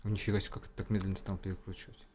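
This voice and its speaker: A man's voice: deep voice, little pitch movement, racing, darkish tone. A male game streamer making offhand, muttered remarks during a live stream. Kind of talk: casual live-stream commentary.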